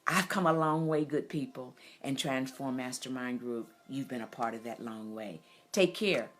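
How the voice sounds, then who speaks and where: A middle-aged woman giving an emotional personal testimony as host, impassioned and preacherly, rising to near-shouts. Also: extremely low pitch, moderate pace.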